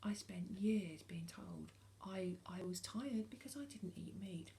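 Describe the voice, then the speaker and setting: A woman's voice: medium pitch, measured pace, creaky, warm tone. A British woman in her forties talking casually to camera, frank and earnest, hesitating often with ums and restarts. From United Kingdom. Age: 40s. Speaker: vlogger.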